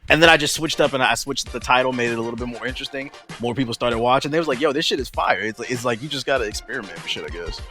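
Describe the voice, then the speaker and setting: A man's voice: mid-range voice, bright, forceful tone, soft background music. A man co-hosting a casual podcast chat, talking blunt and slangy. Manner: fast, blunt, profane slang. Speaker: podcast co-host.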